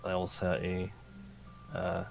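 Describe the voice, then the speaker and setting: A man playing a tabletop game, talking in a halting way with many fillers and restarts. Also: low voice, completely flat delivery, vocal fry, over music, rough recording. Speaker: player. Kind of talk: casual tabletop game chat.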